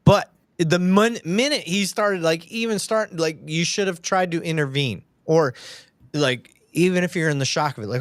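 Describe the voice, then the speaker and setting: A man's voice: fairly high pitch, moderate pace, dry recording. A man hosting a police-topic livestream, talking bluntly and heatedly with plenty of swearing. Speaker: podcast host, police sergeant. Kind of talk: casual livestream chat.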